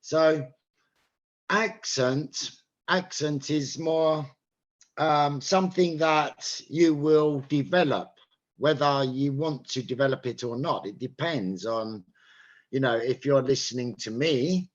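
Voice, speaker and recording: A man's voice: mid-range voice, slow, muffled recording. An English man with a British accent, teaching pronunciation to an online class and patiently checking that listeners follow. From England. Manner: patient, checks understanding with "okay?".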